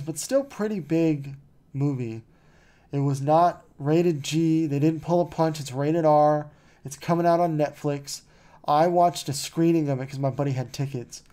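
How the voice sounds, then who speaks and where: A man hosting a podcast in an easygoing, rambling chat, his voice mellow and dark-toned. He drifts between thoughts with plenty of "like" and "you know" and tosses in dry, mocking asides. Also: on the high side. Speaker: podcast host. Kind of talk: casual chat.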